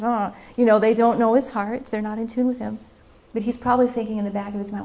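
This female preacher's voice sits a little high, with a dark tone and fairly even intonation, and she speaks briskly. Her sermon is impassioned and repetitive, and she acts out scenes along the way. The recording is dull and lo-fi.

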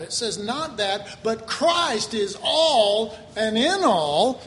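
A man preaching a sermon, animated, acting out quoted voices with sudden exclamations and chuckling often as he talks. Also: high-pitched, slow pace, hardly any pauses, a little hiss or hum. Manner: chuckles often while talking.

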